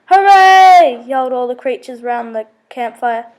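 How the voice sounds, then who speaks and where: A woman's voice: high voice, moderate pace, muffled recording. A woman reading a children's story aloud, with small slips and self-corrections.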